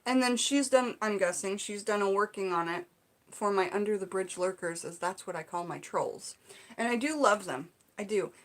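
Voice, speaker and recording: A woman vlogger from the Seattle area chatting to her viewers as she opens gifts, gushing, excited and full of fillers. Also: mid-range voice, normal speed. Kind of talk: casual unboxing chat to viewers.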